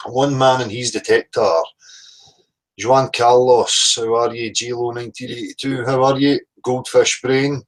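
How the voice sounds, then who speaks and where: A man's voice: mid-range voice, little pitch movement, moderate pace, rough recording. A man hosting a casual livestream, blunt and sweary, greeting chat viewers by name. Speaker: livestream host.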